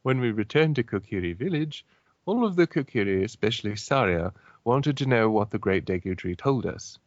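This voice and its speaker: A man's voice: on the low side, animated, moderate pace, no echo. A man hosting a comedic group reading of fanfiction, joking and laughing often, in a dull lo-fi recording. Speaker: fanfiction reading show host.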